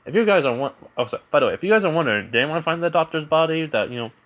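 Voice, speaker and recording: Brief: man playing a crude, blunt young hero, pitched up, loud and swearing. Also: lively intonation, racing, dull audio. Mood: casual. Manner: curses casually, shouts when annoyed. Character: brash foul-mouthed young male hero, crude and blunt.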